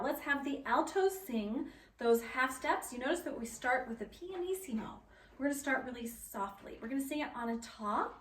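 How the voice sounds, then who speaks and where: A woman's voice: sits high, a bit bright, slight background noise. A woman directing a children's choir rehearsal, upbeat and encouraging as she counts the singers in. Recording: echoey room, mic at a distance, keyboard.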